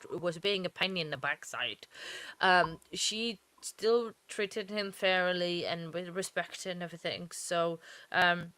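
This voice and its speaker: Fairly low in pitch and a bit bright, her voice comes through with no room sound. She's hosting a true-crime trial-watch stream late at night, weary and yawning, rambling through casual commentary full of fillers and corrections.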